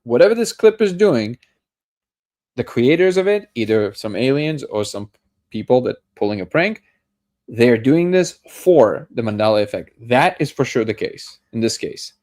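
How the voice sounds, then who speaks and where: A man's voice: medium pitch, expressive, moderate pace, a little mellow. Rambling man hosting a live show. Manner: thinks aloud, restarts and trips over words. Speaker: host of a daily live discussion show. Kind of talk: casual live commentary while watching a clip.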